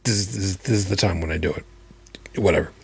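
A man's voice: deep voice, fast talker, vocal fry, a little mellow, breathy edge, no echo. A man hosting a livestreamed podcast who talks casually, bluntly and with plenty of swearing. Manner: blunt, profane, emphatic. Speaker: podcast host.

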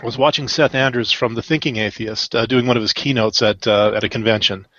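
A man's voice: medium pitch, fairly even intonation, fairly quick, fairly bright tone, dry recording, highs cut off. A man co-hosting a casual podcast, telling rambling stories full of fillers and self-corrections. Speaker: podcast co-host.

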